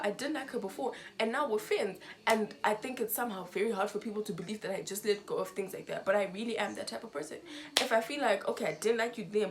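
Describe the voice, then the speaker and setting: A young woman from Zimbabwe telling a storytime vlog, recounting events with emotion and acting out what people said. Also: medium pitch. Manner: emotional, animated retelling with quoted dialogue. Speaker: vlogger.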